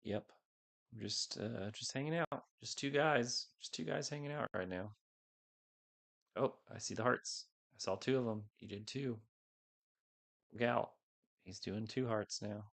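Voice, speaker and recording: Low gravelly man chatting on a stream. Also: a little slow, pauses often, fairly bright tone. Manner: rambling, unsure, talks to viewers. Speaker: livestream host. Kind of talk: casual livestream chat. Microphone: headset microphone.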